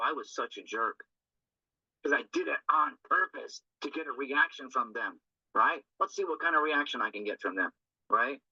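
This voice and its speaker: An earnest recovery group speaker with a fairly high, very bright and forward voice rambles informally through a recovery reading, often tacking on a quick question to listeners. The recording has no echo and sounds dry, dull, and lo-fi.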